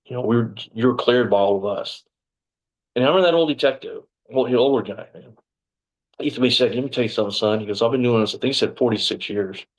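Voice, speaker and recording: Over poor audio, a middle-aged former sheriff's deputy with a medium-pitched, fairly quick voice recounts events in a casual interview. He rambles, animatedly retelling things and acting out the dialogue.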